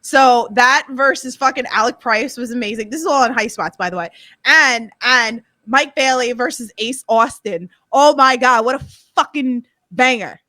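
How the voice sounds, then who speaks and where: Podcast co-host: excitable New York woman, bright, dry close sound, loud laughs. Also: fairly high pitch, moderate pace, no room sound. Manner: hyped, swears a lot, laughs loudly. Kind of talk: excited casual chat.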